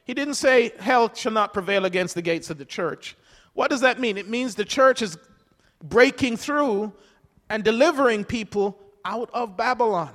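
An older man preaching a sermon to a congregation, emphatic, calling out questions and dropping between loud and soft. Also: high voice, normal speed, long reverb tail. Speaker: pastor.

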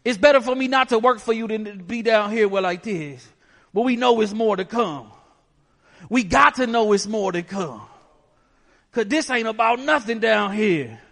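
High-voiced man preaching in a reverberant hall. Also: expressive, normal speed, vocal fry, fairly bright tone. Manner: emphatic preaching with rhetorical questions. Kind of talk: sermon.

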